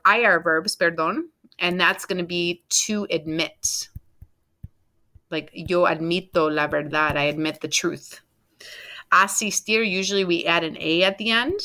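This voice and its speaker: A woman's voice: on the low side, bright, forceful tone. A woman teacher giving a recorded Spanish class, patiently explaining verb endings step by step and spelling them out letter by letter.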